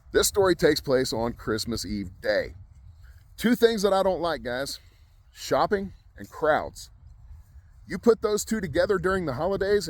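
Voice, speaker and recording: A middle-aged man from Ohio, a welding instructor, telling a personal story in a folksy, conversational way. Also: fairly high pitch.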